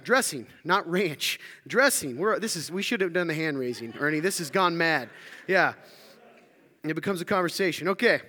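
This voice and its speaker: Speaking to a congregation, this Southern man quizzes his audience in a jokey, playful sermon. His voice sits high and sounds pushed and bright, with long hall reverb around it.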